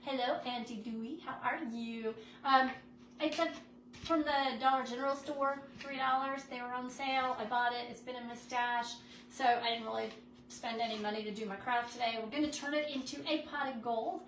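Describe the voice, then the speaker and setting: A woman's voice: on the high side, fairly even intonation, moderate pace, a bit bright, far from the mic. A woman chatting casually with viewers while she crafts, greeting them by name. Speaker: craft livestream host. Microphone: phone on a stand. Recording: echoey room, noisy phone audio.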